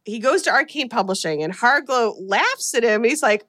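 A woman's voice: a little high, lively intonation, normal speed, a bit bright. A woman hosting a podcast, recapping a horror movie in casual chat and laughing often as she retells scenes. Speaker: podcast host.

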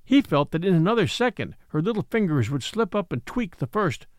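Brief: dramatic male storyteller reading an old tale, lively and expressive. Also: sits high, brisk, dry recording, studio quality. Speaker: narrator. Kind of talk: scripted audiobook narration.

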